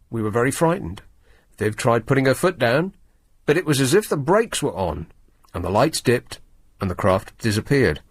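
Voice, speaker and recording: A male radio host with a husky, mid-range voice reads a newspaper story aloud into a studio microphone. It's late-night radio talk, and he peppers the reading with sarcastic, wry asides.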